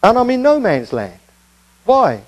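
A man's voice: very high voice, huge pitch swings, measured pace, muffled recording. A male preacher giving a conversational expository sermon, with casual asides and rhetorical questions.

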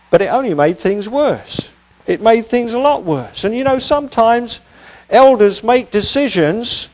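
A man's voice: high voice, a little mellow, low-quality recording. A male preacher giving a conversational expository sermon, with casual asides and rhetorical questions.

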